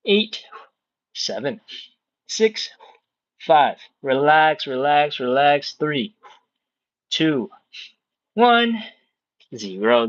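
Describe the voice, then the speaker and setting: A man leading a live stretching workout, calmly cueing breaths, counting reps and encouraging beginners. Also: a little high, no room sound, lo-fi sound. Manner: calm, encouraging, stretches out words on exhales. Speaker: stretching instructor.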